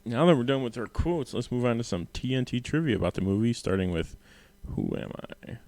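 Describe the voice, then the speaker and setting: A man co-hosting a casual movie review podcast, talking in a relaxed way with many fillers. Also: medium pitch, fast. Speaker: podcast co-host.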